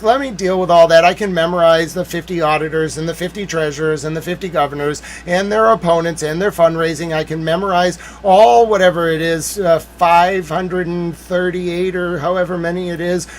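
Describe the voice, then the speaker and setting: A man's voice: sits high, slight background noise. A young man hosting a livestream, rambling through a playful, mock-boastful joking monologue. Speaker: streamer host.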